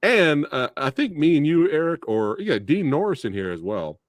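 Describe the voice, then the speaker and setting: Animated man hosting a movie chat. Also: fairly high pitch, moderate pace, no room sound. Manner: animated, laughing, excitable. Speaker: podcast host. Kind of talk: casual movie discussion.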